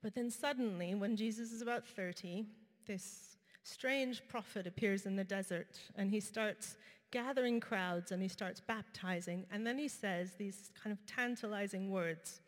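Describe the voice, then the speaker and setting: A woman preaching a sermon, telling a personal story in a conversational way with frequent pauses and fillers. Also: medium pitch. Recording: reverberant hall.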